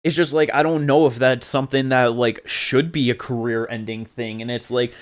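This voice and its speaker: A man's voice: mid-range voice, fairly even intonation, normal speed. A man co-hosting a podcast, talking in a rambling, casual way with lots of fillers and swearing. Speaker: podcast co-host. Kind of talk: casual chat.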